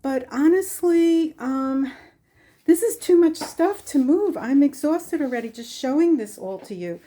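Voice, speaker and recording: Brief: older woman, breathless and rambling, slow warm voice, fairly high, handheld phone vlog. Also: expressive. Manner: chatty, meandering, with many ums. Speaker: craft vlogger. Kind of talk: casual room tour. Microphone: phone held in hand.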